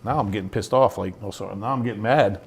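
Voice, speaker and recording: This is a man who is a middle-aged interview guest telling his own story with plain sincerity. His voice sits somewhat low, and he acts out the lines of the people he quotes. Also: fast talker, vocal fry, breathy edge. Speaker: guest, youth ministry founder. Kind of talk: personal testimony in an interview.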